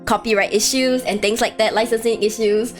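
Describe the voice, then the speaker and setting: A woman chatting casually on a live stream, animated and rambling, breaking into frequent laughter. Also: on the high side, fairly quick, soft background music.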